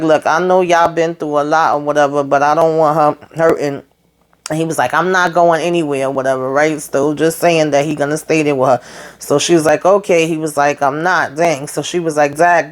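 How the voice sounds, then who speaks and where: Chatty woman recapping a TV episode. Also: low-pitched. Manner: retells scenes in quoted dialogue, chatty asides. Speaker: TV show recapper. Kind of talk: casual recap commentary.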